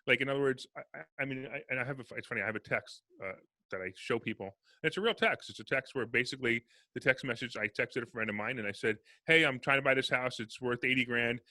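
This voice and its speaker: Fast-talking bright-voiced man. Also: medium pitch, no echo. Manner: fast, animated storyteller acting out dialogue. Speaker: real estate investor guest. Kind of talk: casual podcast interview.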